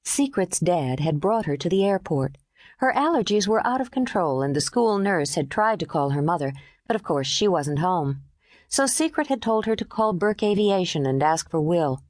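A woman narrating a novel audiobook in a measured, expressive read. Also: fairly low pitch, no room sound, studio quality. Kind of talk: scripted narration.

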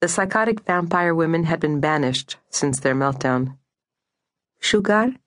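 A woman narrating a historical novel audiobook in a measured, deliberate studio reading. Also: low-pitched, dry recording. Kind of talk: scripted narration. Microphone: close studio mic.

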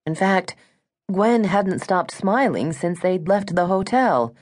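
A woman narrating a romance audiobook in a smooth, measured storytelling manner. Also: on the low side, animated, darkish tone.

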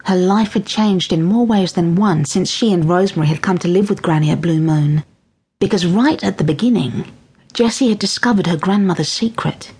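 A woman narrating a children's audiobook with expressive storytelling. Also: fairly low pitch, slightly rough. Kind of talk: scripted narration of a children's book.

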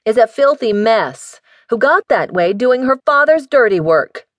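A woman's voice: on the high side, very animated, unhurried, no room sound, voice pushed up. A woman voicing a defiant young woman volunteer who answers her father with sarcasm, in a raised voice. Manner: defiant, sardonic.

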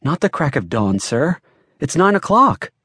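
A man voicing an excited, pleading young man in his twenties who is urgent and polite in an audiobook. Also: on the high side, unhurried, husky, no room sound, clean studio sound, heavily acted. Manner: urgent, polite, says "sir".

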